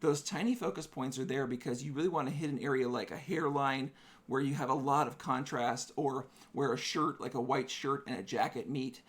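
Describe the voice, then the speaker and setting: A man's voice: mid-range voice, normal speed, fairly bright tone. A man hosting a live-stream photography tutorial, chatty, explaining camera settings step by step.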